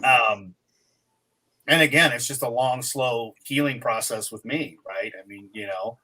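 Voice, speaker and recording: A man's voice: mid-range voice, a little slow, bright, forceful tone. A man in his forties, a co-host, chatting casually and rambling with fillers, still tired while recovering. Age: 40s. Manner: rambling, full of fillers and restarts. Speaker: podcast co-host. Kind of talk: casual chat.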